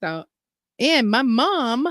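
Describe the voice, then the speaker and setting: A woman's voice: fairly high pitch, sing-song, takes it slowly, a bit bright, dry recording, clean studio sound. A woman hosting a gardening channel livestream, chatting casually and rambling as she reads viewer comments aloud.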